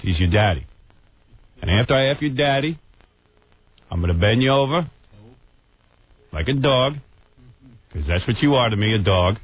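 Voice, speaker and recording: Male radio host, taunting and crude, lively swooping pitch, tinny phone-like sound, faint hiss. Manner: taunting, crude, mock-menacing.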